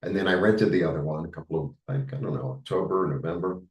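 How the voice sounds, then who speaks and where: A man with a New York accent giving a rambling, halting tarot reading, full of fillers. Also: sits low, echoey room, distant mic, low-quality recording. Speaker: tarot reader. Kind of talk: casual spiritual monologue.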